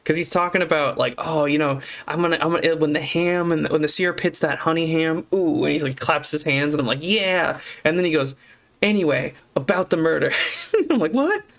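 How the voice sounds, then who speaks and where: A man co-hosting a podcast, chatting about an episode in an animated, playful way. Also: fairly high pitch, fairly quick, vocal fry. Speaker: podcast co-host. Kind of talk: casual recap chat.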